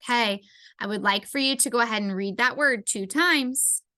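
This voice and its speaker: A woman's voice: a little high, bright, forceful tone. A woman teaching a phonics lesson to children, sounding out words sound by sound. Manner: slow, sounding out words letter by letter.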